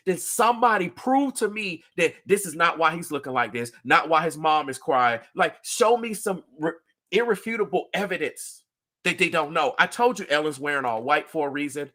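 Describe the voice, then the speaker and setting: A man's voice: on the high side, lively intonation, moderate pace, pushed and bright. A man hosting a livestream, talking earnestly and emphatically to his viewers and repeating himself often. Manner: talks directly to viewers. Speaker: livestream host. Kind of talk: livestream commentary.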